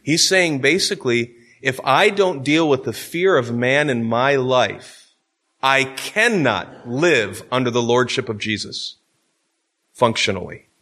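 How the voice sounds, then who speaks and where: A man's voice: mid-range voice, measured pace, bright, forceful tone. Emphatic man teaching a Bible class. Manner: conversational and emphatic, checking in with "okay?".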